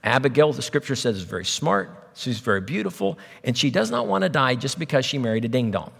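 Animated man preaching in an echoing hall. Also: mid-range voice, fast talker, creaky, slightly rough. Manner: animated storytelling with jokes and voices. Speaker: pastor. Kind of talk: sermon.

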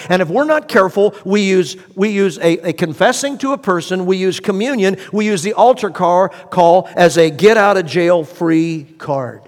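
A male pastor preaching a sermon, asking the congregation rhetorical questions and pausing for emphasis. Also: high voice, big-room sound.

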